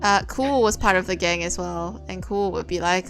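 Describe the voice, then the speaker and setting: A woman's voice: lowish voice, steady tone, brisk, few pauses, soft background music, poor audio. A young woman hosting a stream, chatting casually with friends, laughing often and swearing. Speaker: streamer host.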